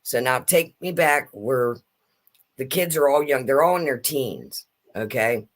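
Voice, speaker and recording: A middle-aged woman telling a family story in casual chat, animated and laughing as she goes. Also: extremely low pitch, unhurried.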